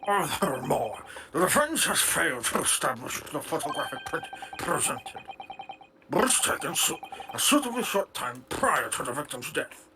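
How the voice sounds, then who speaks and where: A man's voice: on the high side, big pitch swings, normal speed, background noise. A man putting on a stern formal judge. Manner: formal, reproving. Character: stern judge scolding counsel. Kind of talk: reading game dialogue aloud with friends. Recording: game music playing.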